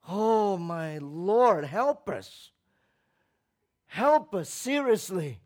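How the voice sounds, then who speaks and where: High-voiced emphatic male preacher. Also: animated, very slow. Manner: emphatic, calls for congregation responses, swings between loud and soft; acts out quoted voices with mocking tones. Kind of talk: sermon.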